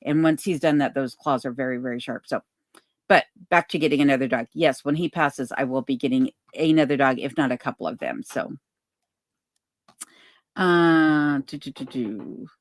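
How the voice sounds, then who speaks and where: Relaxed woman hosting a livestream Q&A. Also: extremely low pitch, dry recording. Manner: relaxed, unhurried, many ums, reads chat comments aloud. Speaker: channel host answering viewer questions. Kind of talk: casual livestream Q&A. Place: home cabin in remote Alaska.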